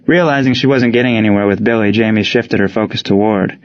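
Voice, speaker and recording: A man narrating an audiobook in a steady reading voice. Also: lowish voice, fast, dull audio.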